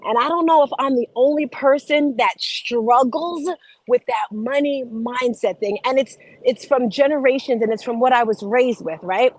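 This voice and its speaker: A woman's voice: a little high, normal speed, dry recording, low-quality recording. A woman life coach hosting a casual livestream, chatty and enthusiastic, greeting her viewers by name. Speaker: life and fitness coach, show host.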